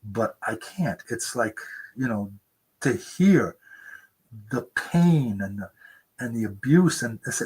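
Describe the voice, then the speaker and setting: Brief: male author, 70s, husky, earnest storyteller, mid pitch, mimics others high. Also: animated, takes it slowly, pauses often, darkish tone, rough recording. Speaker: author guest. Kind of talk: conversational interview. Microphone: remote interview mic.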